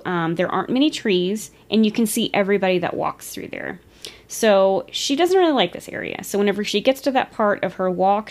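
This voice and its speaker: A woman retelling a story in a casual, chatty way, giggling and sometimes losing her place. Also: medium pitch. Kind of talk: casual storytelling of a ghost encounter.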